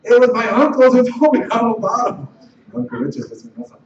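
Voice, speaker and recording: A middle-aged man from the Los Angeles area telling a personal life story in a halting way, repeating words and restarting sentences. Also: extremely high pitch, very animated. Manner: halting, repeats words and restarts, voice rising when retelling tense moments. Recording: roomy, distant, dull and slightly noisy.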